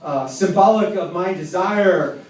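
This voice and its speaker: Man, live storyteller, wry halting delivery, slightly high voice, very roomy sound, faint background noise. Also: far from the mic. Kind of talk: live personal storytelling at an open mic. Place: tavern with an audience.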